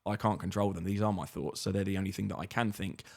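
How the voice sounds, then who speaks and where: Brief: rapid-fire man, podcast host, low-ish voice, swears and jokes. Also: steady tone, creaky, a little mellow. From Kent, England. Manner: quick, sweary, joking interviewer. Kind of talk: casual chat.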